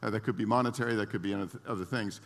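A man's voice: lowish voice, steady tone, very fast. A man preaching a sermon as pastor, in a conversational way with restarts and acted-out quotes. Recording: long reverb of a large hall.

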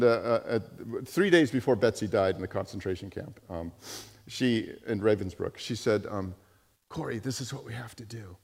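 A man preaching a sermon and telling stories, animated and full of restarts and repeated words. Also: mid-range voice. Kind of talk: sermon with storytelling. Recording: long hall reverb.

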